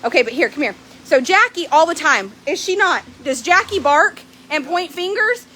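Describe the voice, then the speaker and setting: A woman's voice: sits high, normal speed, slight background noise. A woman chatting casually to her phone camera at a horse barn, blunt and full of swearing. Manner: blunt, swearing, lively storytelling. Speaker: horse trader. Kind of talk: casual vlog chat.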